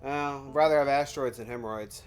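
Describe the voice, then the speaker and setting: A woman from Virginia commenting on her game as she plays it, in a notably low voice. She thinks aloud and jokes at her own expense in a relaxed, chatty way. Light music plays softly behind her. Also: fast talker. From Virginia, USA. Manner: joking, self-deprecating, thinks aloud. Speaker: game streamer. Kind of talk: casual gameplay commentary.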